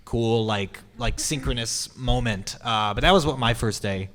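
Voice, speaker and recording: A man speaks easily and a little haltingly on a convention panel, his voice mid-pitched. Long hall reverb follows his words. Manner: relaxed, hesitant with fillers. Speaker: voice actor panelist.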